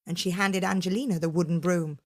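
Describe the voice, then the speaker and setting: A woman storyteller telling a fairytale to children in a dramatic, expressive way. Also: fairly low pitch. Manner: dramatic, unhurried, with voiced characters.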